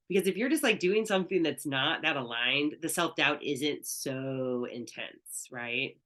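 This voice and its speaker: A woman's voice: low-pitched, expressive, measured pace, few pauses, fairly bright tone. A woman spiritual coach teaching an online class, talking in an earnest, candid, conversational way.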